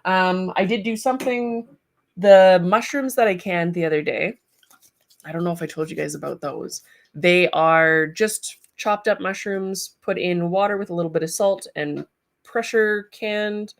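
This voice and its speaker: Woman, live stream chat, rambling, gravelly, lowish voice, at home. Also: measured pace. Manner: rambling, chatty, lots of ums. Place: home, with a large dog nearby.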